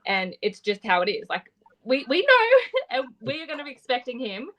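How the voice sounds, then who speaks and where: A woman with an Australian accent, chatting on a fan podcast panel in a relaxed way, thinking aloud as she talks. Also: high-pitched, moderate pace, poor audio. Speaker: co-host panelist. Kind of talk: casual podcast chat.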